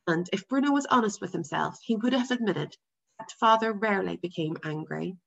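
A woman teacher narrating a chapter book aloud, steady and expressive, at an average pitch. Her voice has a gravelly texture, and the recording sounds dull and lo-fi. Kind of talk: read-aloud storybook narration.

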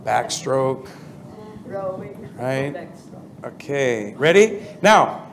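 A man leading a prayer seminar as pastor, energetic and constantly asking the audience questions, with an American accent. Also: high-pitched, unhurried, very noisy. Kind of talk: interactive seminar teaching.

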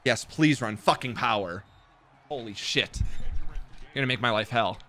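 A young man streaming a football video game, chatting casually with his viewers, excitable and swearing, with sudden loud outbursts. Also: medium pitch, a little slow. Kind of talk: live game stream commentary.

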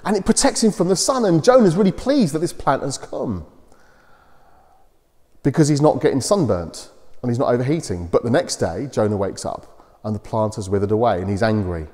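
A man giving a children's talk at church, retelling a Bible story in simple, animated storytelling style. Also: mid-range voice, brisk. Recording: long church reverb.

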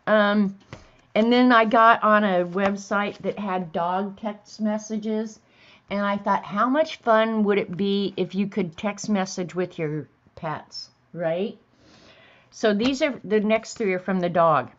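Woman host, casual stream chat, laughs easily, mid pitch, dull lo-fi sound. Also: slow.

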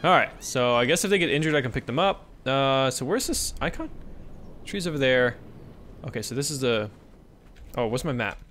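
Speaking at a moderate pace in a mid-range voice, a young man narrates a let's-play loosely, sometimes yelping with excitement and sometimes murmuring softly. He coaxes his in-game kids and swears casually, over a little hiss or hum.

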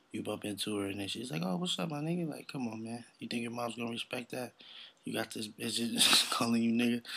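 A man's voice: fairly low pitch, fairly bright tone. A man hosting his own podcast, ranting in a blunt, profane, heated way and mocking others in exaggerated voices. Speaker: podcast host. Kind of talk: casual solo podcast rant.

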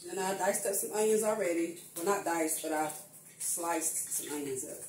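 With background noise audible, an older woman talks at a moderate pace in a lowish voice, chatting to viewers she calls y'all while cooking at home. It's a casual home cooking vlog recorded in an echoey room from a distant mic.

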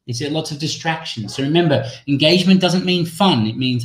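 A man's voice: a little high, fairly quick. Chatty man presenting a webinar, echoey. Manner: chatty, apologetic, thinking aloud while demoing an app. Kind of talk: live online teacher-training webinar. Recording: echoey room sound.

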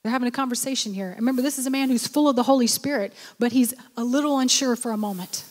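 A woman's voice: fairly high pitch, fast talker, big-room sound. A woman pastor preaching a sermon, exhorting her listeners and urging them on. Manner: exhorting, repeats "come on".

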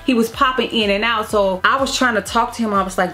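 Over soft background music, a woman with a sharp-toned, mid-range voice tells her vlog viewers a personal family story, speaking fairly quickly with few pauses. Her casual storytime to camera is candid and emotional, with frequent repeated phrases.

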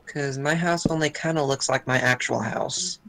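A man's voice: on the high side, normal speed, pushed and bright, low-quality recording. Chatty man streaming a block game. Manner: rambling, chatty commentary while playing. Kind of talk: casual gaming chat.

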